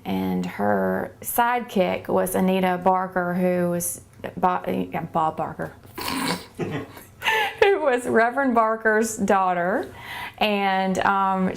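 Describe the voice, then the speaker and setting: A woman earnestly telling her faith testimony, halting often with fillers as she talks. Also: on the low side, creaky. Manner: earnest, hesitant, many fillers. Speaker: church member giving testimony.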